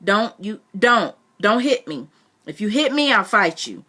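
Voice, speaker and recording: A woman reading aloud, voicing a defiant, desperate young boy in a raised, high-strung voice. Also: big pitch swings, unhurried, bright, forceful tone, heavily acted. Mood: frantic.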